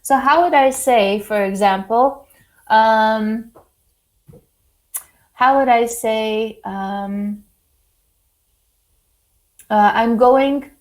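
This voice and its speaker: Slow-paced, encouraging woman teacher. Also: a little high, poor audio. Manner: encouraging, slow and deliberate, frequent praise. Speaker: French teacher. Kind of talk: classroom lesson, online class.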